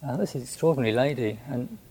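A man who is a Buddhist monk, recounting a personal story in a gentle, hesitant way with many restarts. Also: mid-range voice, expressive, rapid-fire, husky, low-quality recording.

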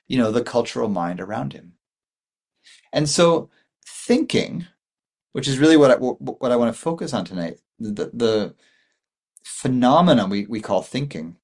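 A man in his forties giving a dharma talk as a Buddhist meditation teacher, rambling and thoughtful, with many fillers and restarts. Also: mid-range voice.

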